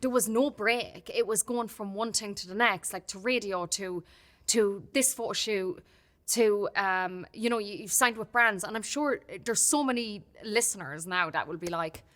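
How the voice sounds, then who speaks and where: A woman's voice: mid-range voice, normal speed, a bit bright. An Irish woman talking openly and with feeling as a podcast guest, often restarting her sentences. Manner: open and heartfelt, many restarts. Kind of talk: candid casual chat.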